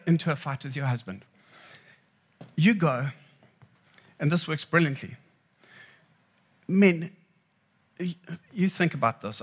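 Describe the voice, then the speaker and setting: Bright high-voiced man. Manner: joking, animated storytelling. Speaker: speaker. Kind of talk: humorous live talk on marriage.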